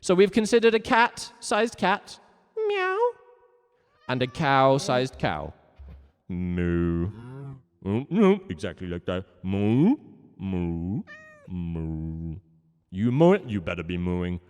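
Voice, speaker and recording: A man's voice: mid-range voice, sing-song, normal speed, few pauses, big-room sound. A man teaching a music lesson during a livestreamed game, theatrical, jokey and mock-stern.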